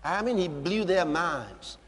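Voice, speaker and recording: Preacher, high lively voice, shouting in a reverberant hall. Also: male voice, slow, slightly rough. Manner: dramatic swings from soft murmurs to shouts. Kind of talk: sermon.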